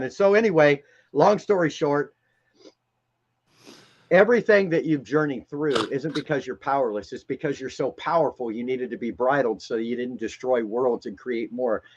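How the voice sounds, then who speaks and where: A man's voice: medium pitch, measured pace, pauses often, dull audio. A man speaking in a casual, emphatic way on a spiritual live stream, rambling and often repeating words as he talks.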